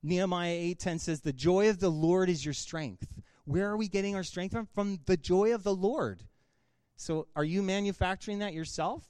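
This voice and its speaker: A man's voice: high-pitched, a little mellow, no room sound, studio quality. A man preaching a sermon as a pastor, talking casually and conversationally with fillers and laughs.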